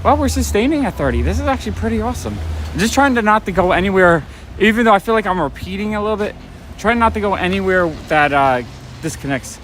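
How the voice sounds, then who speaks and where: Out on a rainy city street at night, a comic shop owner vlogger live-streams as he walks, rambling casually and getting slightly winded. His high, fairly bright voice moves fast with lively intonation, while faint street and traffic noise sits underneath.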